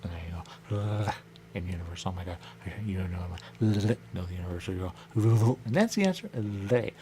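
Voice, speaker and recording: Warm, low and expressive, this radio host speaks at a moderate pace with slight background noise. His rambling monologue is loose and musing, looping back repeatedly to familiar stock phrases such as "there you go."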